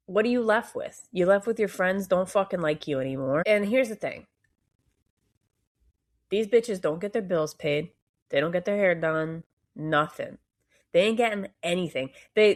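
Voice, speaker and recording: A young woman with a New Jersey accent hosting a solo podcast, ranting bluntly and swearing constantly, hot and cranky. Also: lowish voice. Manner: blunt and profane, heavy swearing. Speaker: podcast host. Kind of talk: casual solo podcast rant.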